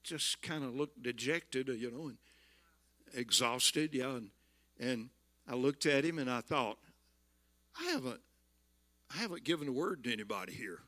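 A man in his seventies with a Southern US accent, telling stories in a folksy sermon and building to loud exclamations. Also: medium pitch. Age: 70s. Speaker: visiting preacher. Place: church.

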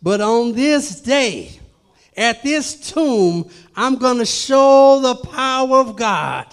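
A man voicing Jesus as a calm, commanding male teacher making solemn declarations in a sermon. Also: very high voice, slow, clean tone, full character voice. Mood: solemn resolve.

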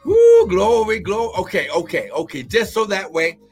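A high-voiced, bright man preaches on a live stream, shouting and whooping in fervent bursts. His tone is husky, with faint music underneath. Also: expressive, moderate pace. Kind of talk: charismatic live-stream sermon and prayer.

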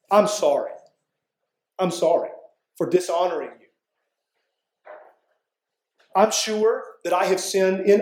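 A man delivers a sermon in an earnest, conversational way, with a fairly high voice for a man. He often pauses to check in with his listeners. The sound is roomy and echoey. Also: darkish tone. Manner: earnest, conversational preaching with frequent "right?" asides. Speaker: pastor.

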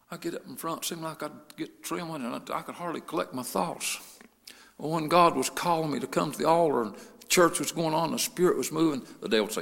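A male pastor preaching a sermon, moving between quiet storytelling and loud, fervent preaching. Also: a little high, a little fast, creaky, in a large hall.

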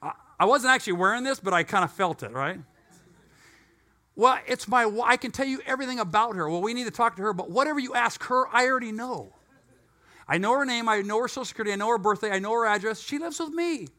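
A pastor preaches in a bright, ringing voice. He tells a folksy story and acts out each side of the dialogue. His delivery sits high and carries joking asides. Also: fast. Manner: animated storyteller, acts out both sides of dialogue. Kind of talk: sermon with personal story.

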